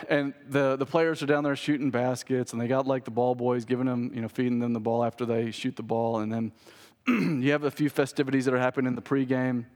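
A man, a pastor preaching a sermon in a conversational, storytelling way. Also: mid-range voice. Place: church sanctuary. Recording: long church hall reverb.

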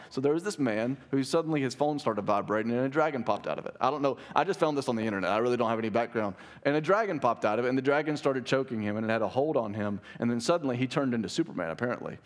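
In this church sermon, a male pastor talks in rapid-fire bursts with hardly any pauses, his medium-pitched voice animated throughout. The preaching feels earnest yet conversational, and he keeps checking in with the congregation.

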